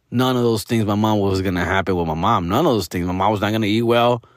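A man's voice: fairly low pitch, fast talker, hardly any pauses, no echo, clean studio sound. A male comedian hosting a podcast, telling a story in a rambling, profane way, peppering it with Spanish slang. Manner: rambling, restarts often.

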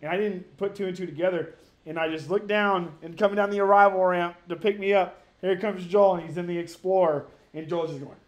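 A man in his thirties telling a story to a friend on a podcast, animated and profane, rambling with many restarts. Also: high-pitched, fairly quick, dull audio. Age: 30s. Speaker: podcast co-host. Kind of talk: casual storytelling among friends.

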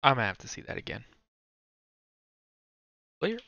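A man's voice: medium pitch, very animated, normal speed, gravelly, pushed and bright, dull audio. A man talking to himself as he ranks movies, rambling and swearing in casual commentary. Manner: rambling, swearing, self-talk. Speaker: movie ranking streamer. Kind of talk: casual thinking-aloud commentary.

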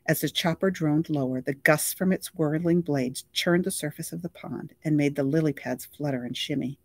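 A reader narrating a novel at a mid pitch, steady and even, close to the mic. The sound is dry, with no room around it. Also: normal speed, no room sound. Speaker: audiobook reader.

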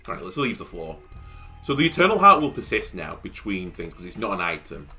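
A young man giving casual let's-play commentary, telling stories in an animated way that rises to exasperated shouts. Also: sits low, brisk, faint music behind. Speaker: gaming YouTuber.

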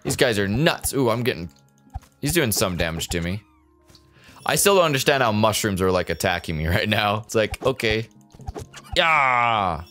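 A man's voice: lowish voice, animated, normal speed, fairly bright tone, soft background music. A man casually commenting on his gameplay, joking and talking to the characters on screen. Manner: jokey, talks to game characters. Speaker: let's play gamer.

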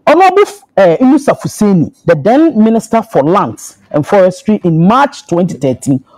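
A woman's voice: medium pitch, big pitch swings, moderate pace, mellow, rough recording. A Ghanaian woman who is a party executive, arguing emphatically in a heated TV panel debate. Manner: impassioned, argumentative, emphatic. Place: TV studio.

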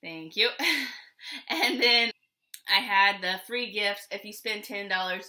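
A woman's voice: a little high, bright, forceful tone. A middle-aged woman hosting a casual haul vlog, chatty and rambling, laughing often as she talks. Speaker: vlog host.

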